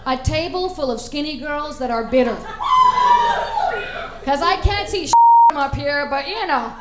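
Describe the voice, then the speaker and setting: A woman doing a stand-up comedy set with an animated, punchy delivery. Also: sits high, measured pace, heavy background noise. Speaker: stand-up comic. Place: comedy club stage. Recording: echoey comedy club.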